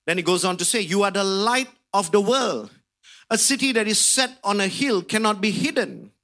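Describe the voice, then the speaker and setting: A man preaching a sermon with fervor, rising to shouts on key phrases and stretching out key words. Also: sits high, expressive. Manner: drawn-out emphasis on key words.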